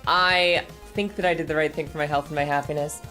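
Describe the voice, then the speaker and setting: A woman streaming and chatting casually, her voice a bit hoarse and scratchy, laughing often and rambling. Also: deep voice, steady tone, a little fast, bright, forceful tone, soft background music. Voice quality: scratchy throat.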